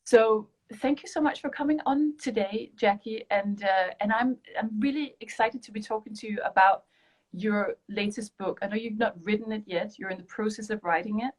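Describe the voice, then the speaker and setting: A woman's voice: mid-range voice, moderate pace. A woman from Denmark, hosting a casual online interview over a video call and giving lots of encouraging agreement. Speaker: host.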